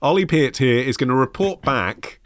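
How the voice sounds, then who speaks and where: A man's voice: medium pitch, lively intonation, moderate pace, dry recording, clean studio sound. A man hosting a podcast in casual chat, wry and facetious, summing up his co-host's ideas. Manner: wry, facetious, sums things up. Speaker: podcast host.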